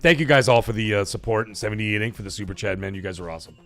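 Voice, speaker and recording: A man's voice: lowish voice, very fast, vocal fry, faint music behind. A man hosting a casual livestream, swearing freely and reading viewer donations aloud. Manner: excitable, swears often, reads donations aloud. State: emotional, voice catching. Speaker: livestream host.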